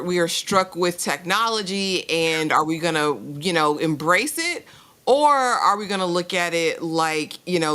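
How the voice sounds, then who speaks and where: A woman co-hosting a TV review show, recapping the plot in relaxed casual chat and asking her co-host questions. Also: lowish voice.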